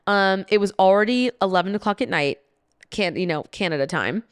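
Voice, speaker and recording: A woman's voice: mid-range voice, animated, a little fast, smooth, dry recording, studio quality. A young adult woman hosting a podcast, telling a travel story in a chatty way, with lots of "like" fillers, frequent laughs and some swearing. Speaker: podcast host. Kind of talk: casual storytelling monologue.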